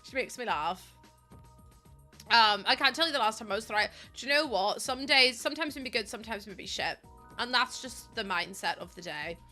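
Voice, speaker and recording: Northern Irish woman streamer, young, bright upbeat voice, chatty and self-deprecating, faint background music. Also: fairly high pitch, lively intonation, moderate pace. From Northern Ireland. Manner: chatty and self-mocking, laughing often, reading chat aloud. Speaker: live streamer. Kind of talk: casual live-stream chat while building in a game.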